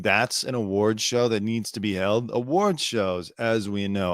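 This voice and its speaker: A man's voice: on the low side, no room sound, clean studio sound. A man hosting his own show, talking casually and sarcastically, rambling and swearing freely. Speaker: show host. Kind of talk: casual solo commentary.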